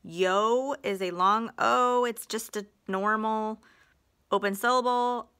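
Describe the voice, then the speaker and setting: A woman walks through phonics lessons at an unhurried pace. Her voice is bright and a little forceful, and she draws out every example word and sentence with patient care. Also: a little high, fairly even intonation, smooth. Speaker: phonics teacher.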